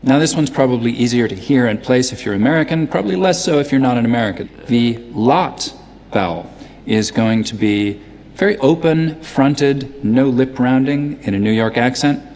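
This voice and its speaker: A man explaining accents as an expert in a scripted explainer, speaking in a measured way and stretching out vowels to demonstrate them. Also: mid-range voice, a little mellow, slight background noise.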